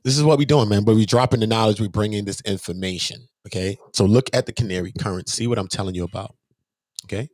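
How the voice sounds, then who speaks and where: A man hosting his own channel, talking off the cuff to viewers in an emphatic, preachy way full of rhetorical questions, swinging from loud bursts to low mutters. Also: quick pace, no room sound, clean studio sound. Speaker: channel host. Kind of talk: unscripted monologue to viewers.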